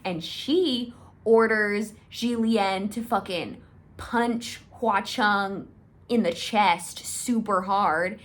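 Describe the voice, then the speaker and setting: A young woman gushing through a casual fan rant, excitable and quick to swear. She takes her time, drawing her words out slowly. Her pitch sits in the middle of the range. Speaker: video creator.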